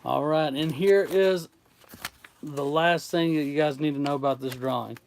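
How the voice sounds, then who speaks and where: A Southern-accented man from Tennessee hosts a laid-back art livestream. His voice is smooth and clear and sits a little high. He rambles easily as he answers the chat's questions. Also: normal speed. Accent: Southern American. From Tennessee, USA. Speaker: artist streamer. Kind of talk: casual livestream chat with viewers.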